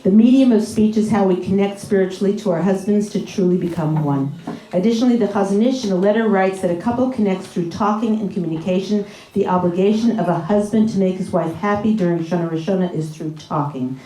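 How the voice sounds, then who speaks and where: A woman leads a live workshop in an echoey room. She talks in a chatty, animated way, laughs a lot and acts out small quarrels. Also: medium pitch, fast talker, a little hiss or hum. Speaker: relationship workshop speaker. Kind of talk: live workshop talk to an audience.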